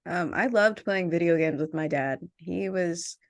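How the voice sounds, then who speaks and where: A woman hosting a podcast, chatting casually and telling family stories with quick asides. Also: on the low side. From family from Jamaica. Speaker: podcast host. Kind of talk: casual chat.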